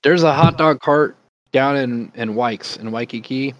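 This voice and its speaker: A man's voice: medium pitch, measured pace, a little hiss or hum, rough recording. A man in casual chat as a podcast co-host, rambling and laid-back, cursing freely as he reminisces.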